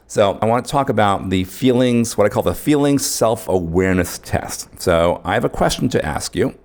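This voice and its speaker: A man's voice: low voice, vocal fry, a little mellow. A man teaching an online course in a conversational way, often checking in with his listeners. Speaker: course instructor.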